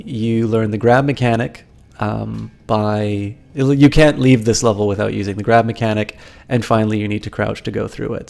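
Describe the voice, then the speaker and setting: Low gravelly-voiced male streamer. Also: darkish tone. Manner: rambling, many ums and restarts, chatting to viewers while playing. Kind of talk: casual live-stream commentary.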